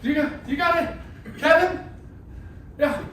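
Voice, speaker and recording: A man running a casual real estate training workshop, animated and joking, often asking "right?". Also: very high-pitched, measured pace. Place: classroom with a group. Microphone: phone camera from across the room. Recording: very echoey room, distant, faint hiss.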